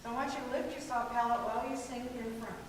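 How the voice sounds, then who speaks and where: A woman's voice: on the high side, little pitch movement, fast, a little hiss or hum. A middle-aged woman coaching a group in barbershop singing, explaining technique and demonstrating sounds with a joking manner. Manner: demonstrates sounds, jokes with the singers. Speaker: vocal coach. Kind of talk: barbershop vocal lesson to a group. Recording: very echoey hall, voice from far off.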